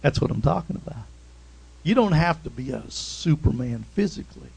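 A man preaching a sermon in an animated way, reading scripture and calling out amens. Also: a little high, moderate pace, gravelly, breathy edge, rough recording.

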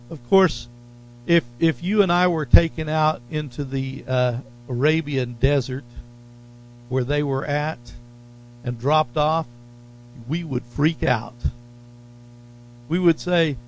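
Slow, emphatic preaching man. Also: fairly high pitch, a little mellow, a little hiss or hum. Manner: slow, emphatic preaching with drawn-out stressed phrases. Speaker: pastor. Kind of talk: sermon.

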